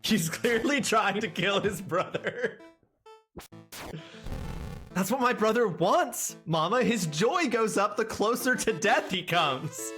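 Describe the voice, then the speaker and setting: A young man streaming a game live, reacting with excitable shrieks, swearing and silly asides as he plays. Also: sits high, slow pace, faint music behind. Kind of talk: live gameplay commentary.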